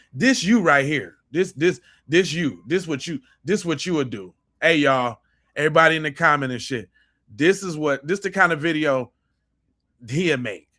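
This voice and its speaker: A man hosting a podcast, reacting to clips with emphatic, profane commentary. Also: a little high. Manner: animated, emphatic, swears freely. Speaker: podcast host.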